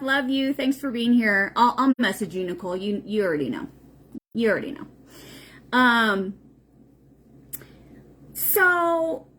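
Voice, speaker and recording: Blunt, animated woman host. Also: fairly high pitch. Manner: blunt, profane and emphatic. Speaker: spiritual livestream host. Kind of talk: casual unscripted livestream talk.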